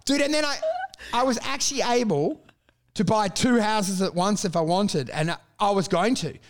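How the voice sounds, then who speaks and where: High-pitched middle-aged man, brash raconteur, swears freely, laughs through his tales. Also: normal speed. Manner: crude, animated, laughs through stories. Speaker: guest telling stories. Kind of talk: casual storytelling chat.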